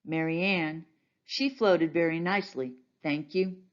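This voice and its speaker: A woman pastor reading a children's storybook aloud in a gentle, folksy storytelling manner. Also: low voice, measured pace, muffled recording.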